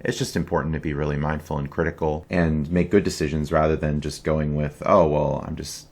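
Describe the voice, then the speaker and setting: Man, podcast host, very deep pitch, relaxed casual talk, filler words. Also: brisk. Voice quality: relaxed, uses fillers like "you know" and "like".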